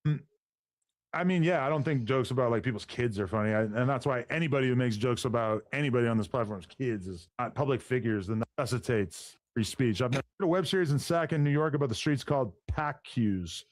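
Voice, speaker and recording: A man on a podcast panel, talking offhand and deadpan in casual banter. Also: medium pitch, brisk, dry recording.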